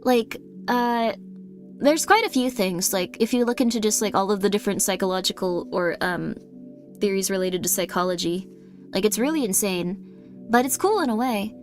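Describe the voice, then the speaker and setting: A woman's voice: mid-range voice, normal speed, faint music behind. A woman streamer chatting casually with viewers, rambling with many fillers.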